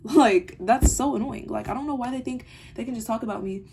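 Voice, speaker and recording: A woman's voice: a little high, brisk, hardly any pauses, noisy background. A teenage girl telling a rambling, irritated story about a classmate in a casual video diary. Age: teens. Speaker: vlogger.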